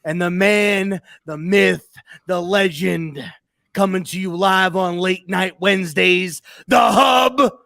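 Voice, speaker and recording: Gravelly high-voiced dude doing a big hype intro, super slow and stretched out, swoopy. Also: male voice, bright, forceful tone, dry recording, clean studio sound. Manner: booming, drawn-out ringside-style announcing. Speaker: co-host.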